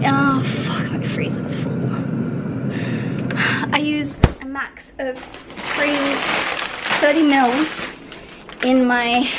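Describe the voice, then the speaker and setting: A woman's voice: high-pitched, fairly even intonation, takes it slowly, pauses often, heavy background noise. A woman vlogging from her apartment, talking in a candid, rambling way and swearing freely. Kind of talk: casual vlog chat to camera. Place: at home in an apartment.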